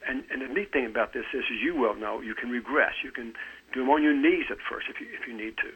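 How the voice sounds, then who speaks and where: A man's voice: medium pitch, fast, husky, narrow, tinny audio. A man in his seventies, an author talking about fitness in an interview, earnest, often repeating a word as he starts a sentence. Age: 70s. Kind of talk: conversational interview.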